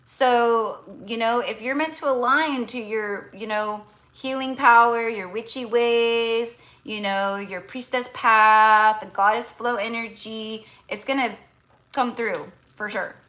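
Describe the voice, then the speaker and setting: A woman's voice: a little high, fairly even intonation, slow, bright, forceful tone, rough recording. A woman tarot reader in casual livestream chat, blunt and chatty, full of fillers.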